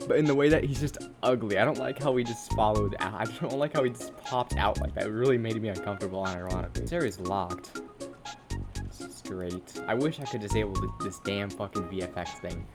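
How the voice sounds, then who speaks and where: A teenage boy giving casual, jokey gameplay commentary, swearing and yelping in panic when something chases him. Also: lowish voice. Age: teens. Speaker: gaming content creator. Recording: game music playing underneath. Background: background music.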